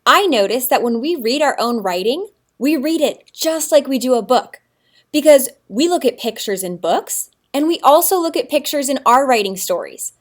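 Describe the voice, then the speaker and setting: A woman's voice: high voice, expressive, moderate pace. A woman teacher giving a recorded writing lesson to young children, in an exaggerated, encouraging sing-song manner.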